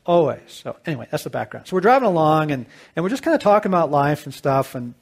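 A middle-aged man telling a personal story as a sermon, swinging between loud bursts and hushed low lines. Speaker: Christian author and speaker.

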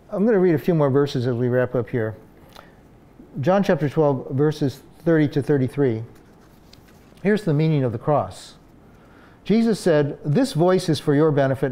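A man's voice: fairly high pitch, mellow. A man preaching a sermon as pastor, in a conversational way with frequent fillers and restarts.

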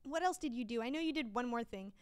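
A woman co-hosting a podcast in casual chat, chatty and quick to laugh, with lots of fillers. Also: a little high, expressive, smooth. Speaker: podcast co-host.

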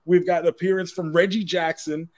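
A man's voice: high-pitched, a little fast. A man from Queens, co-hosting a podcast in casual chat and telling stories with laughter and easy swearing. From Queens, New York. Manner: animated storyteller, laughs at his own stories, swears casually. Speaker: podcast co-host. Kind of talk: casual pop culture chat.

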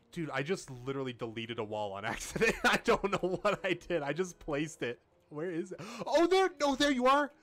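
Animated joking male streamer. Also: medium pitch. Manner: joking, animated, laughs often, lots of fillers. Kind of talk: casual gameplay commentary.

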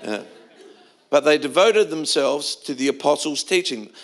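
A man's voice: a little high, a little slow. A middle-aged man preaching a sermon in a church, telling stories in a conversational way with frequent restarts. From Australia. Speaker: pastor.

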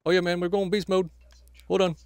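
This stand-in commentator covers gameplay for the channel's owner in a casual, grumbling way, cursing at and trash-talking opponents while tacking "man" onto almost everything. He sits high in pitch with a level, darkish, clean tone, speaks a little fast, and there's no room sound.

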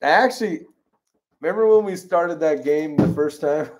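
A man's voice: a little high, normal speed, darkish tone. A man co-hosting a casual chat show, cutting in with teasing jokes. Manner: joking, teasing interjections. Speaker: show co-host.

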